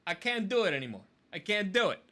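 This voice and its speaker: A man co-hosting a podcast who rants in casual chat and swears freely. His voice sits high, with a bright, forceful edge. He sounds fired up as he picks things apart. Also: fast talker. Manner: animated ranting, swears a lot. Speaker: podcast co-host.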